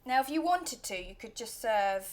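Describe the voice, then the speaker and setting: A woman in her thirties hosting a casual cooking demonstration in a kitchen, chatty and playful, sometimes dropping to soft self-deprecating asides. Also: fairly high pitch, lively intonation, normal speed. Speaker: cooking show host.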